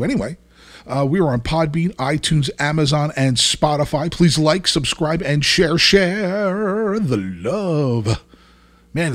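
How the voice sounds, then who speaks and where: A man hosting a casual podcast, talking in an animated, joking way with lots of fillers. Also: on the high side. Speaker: podcast host.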